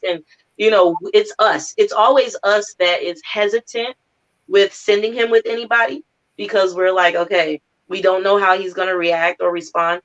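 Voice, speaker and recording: A woman's voice: medium pitch, fairly even intonation, normal speed, fairly bright tone. A woman in her thirties, a mother of four, speaking earnestly and candidly as a guest on a talk show and often quoting her family. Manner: earnest, laughs often, quotes family members. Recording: dull lo-fi audio.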